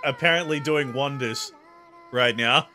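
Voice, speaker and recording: A man's voice: mid-range voice, unhurried, pushed and bright, soft background music. A man chatting casually and joking over a game stream, laughing often. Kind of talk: casual gameplay chat.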